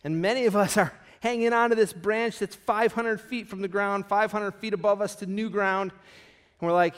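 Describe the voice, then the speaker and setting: Casting: male pastor, lively sermon delivery, voice a little on the high side, acts out story voices. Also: moderate pace.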